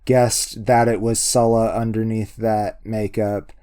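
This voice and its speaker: A man's voice: fairly low pitch, little pitch movement, unhurried, warm tone, clear, resonant tone. A man co-hosting a podcast, chatting casually about a film with rambling, hesitant speech and lots of fillers. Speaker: podcast co-host. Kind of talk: casual movie review chat.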